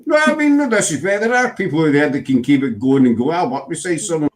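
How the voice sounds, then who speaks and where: A man's voice: on the high side, expressive, quick pace. Glaswegian man chatting casually. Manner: rambling, full of fillers and restarts. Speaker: host. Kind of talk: casual chat.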